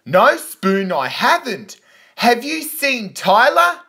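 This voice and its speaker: A woman playing a children's show presenter, talking in a bright, exaggerated kids' show way. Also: fairly high pitch, very animated, takes it slowly, heavily acted. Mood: chirpy. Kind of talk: kids' show parody dialogue. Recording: voice over loud backing music.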